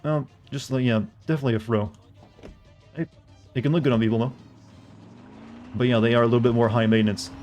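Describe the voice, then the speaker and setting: A man's voice: mid-range voice, steady tone, fast, pauses often, darkish tone, faint music behind. A man streaming a game, chatting casually with his viewers and answering their questions, often restarting his sentences. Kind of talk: casual gameplay commentary.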